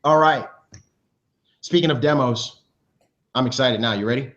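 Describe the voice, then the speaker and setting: On a dull, lo-fi recording, a man emcees awards for a team video show, his delivery fast and high-energy. He keeps starting his sentences over.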